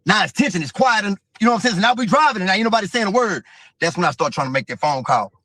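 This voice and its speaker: A man's voice: high-pitched, expressive, very fast, sharp tone, no echo. A man telling a profane, vivid story as an interview guest. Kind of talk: casual storytelling.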